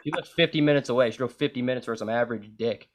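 A man's voice: mid-range voice, very fast, a bit bright. Rambling, profane young man. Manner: rambling, profane, says "like" and "bro" constantly. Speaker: podcast host. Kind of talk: crude casual chat.

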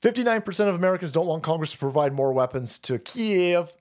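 A man's voice: fairly high pitch, fast. A man hosting a live stream, ranting in a sarcastic, foul-mouthed way. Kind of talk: profane political rant stream.

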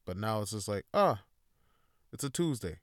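A man's voice: lowish voice, sing-song, moderate pace, no room sound, studio quality. A man hosting a solo podcast, talking in a rambling, laid-back way with a lot of swearing. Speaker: podcast host. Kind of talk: casual solo monologue.

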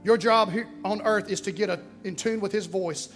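A man with a high-pitched voice preaching a lively sermon in a church. He swings from shouted exhortation to quiet, hushed asides. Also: normal speed, faint music behind. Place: church sanctuary.

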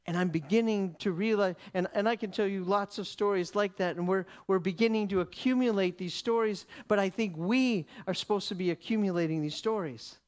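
A man preaching, telling a story in an animated way, laughing often and repeating words as he goes. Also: high voice, brisk, few pauses. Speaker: preacher teaching. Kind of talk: sermon storytelling.

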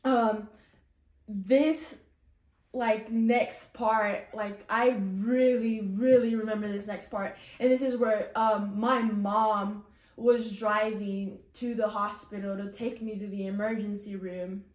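A woman's voice: mid-range voice, steady tone, slow pace, echoey room. A young woman casually sharing an emotional personal testimony, full of "like" and "you know". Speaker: guest sharing her testimony.

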